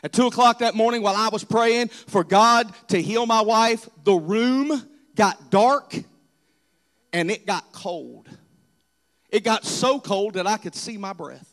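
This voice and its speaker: A man with a notably high voice delivers a dramatic sermon testimony. He tells it as a pastor, earnest and storytelling in manner. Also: a little slow, a bit bright.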